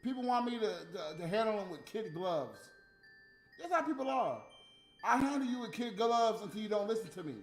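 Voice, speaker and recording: High-voiced man ranting in an echoey room. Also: lively intonation, normal speed. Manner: profane, heated, scolding rant with loud bursts. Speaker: livestream host. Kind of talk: unscripted ranting monologue. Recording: echoey room with faint music.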